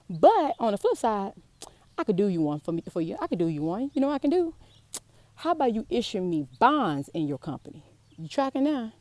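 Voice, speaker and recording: A woman's voice: medium pitch, a little mellow, no room sound. A middle-aged woman professor, teaching about money in a casual, streetwise way and asking her viewers questions straight out. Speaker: college business professor. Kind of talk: informal online money lesson.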